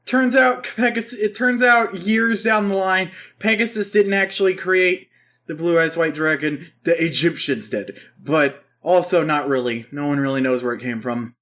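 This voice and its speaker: A man with a high voice co-hosts a casual review podcast. He sounds excitable and swears freely. His volume swings between loud bursts and quiet asides. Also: normal speed. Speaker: podcast co-host reviewing an anime. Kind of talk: casual comedic review chat.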